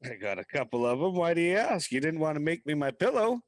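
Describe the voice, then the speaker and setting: A man playing his character in a tabletop game, gruff and swearing freely. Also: fairly high pitch, big pitch swings, fast talker, no room sound. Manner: gruff and foul-mouthed. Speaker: player. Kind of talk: in-character tabletop role-play.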